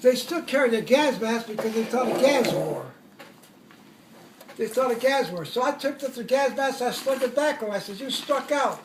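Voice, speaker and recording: A man's voice: very high-pitched, lively intonation, moderate pace, echoey room, far from the mic, noisy background. An older man, a war veteran, tells his stories in a rambling way, correcting himself as he goes and chuckling at his own jokes. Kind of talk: oral history storytelling.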